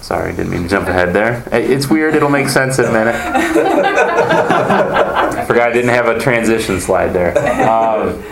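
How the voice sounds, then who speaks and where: A man's voice: on the low side, normal speed, vocal fry. A man teaching a conversational Bible lesson, earnest as he explains and questions the class. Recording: echoey room, faint background noise.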